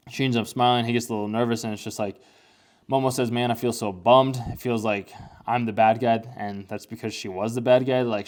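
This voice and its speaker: Low-voiced rambling man talking anime. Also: darkish tone. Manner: rambling, full of "like" fillers. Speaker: anime commentator. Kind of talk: casual anime commentary.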